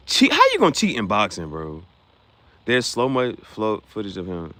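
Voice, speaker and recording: A man's voice: deep voice, sing-song, moderate pace, fairly bright tone, no room sound. Young guy chatting on his stream, voice jumps all over, cracking jokes at the comments. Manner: joking, reacting to chat comments, frequent laughs. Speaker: livestream host. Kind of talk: casual livestream chat with viewers.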